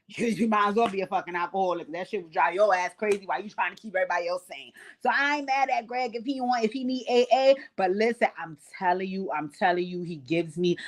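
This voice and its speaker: A woman hosting a livestream, giving a blunt, profane, animated recap of reality TV. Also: mid-range voice. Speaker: host.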